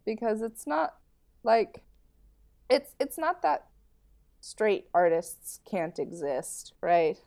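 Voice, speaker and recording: A woman's voice: mid-range voice, big pitch swings, takes it slowly, vocal fry, pauses often, mellow. A young adult woman co-hosting a podcast, talking emphatically in casual chat and repeating phrases for effect. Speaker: podcast co-host.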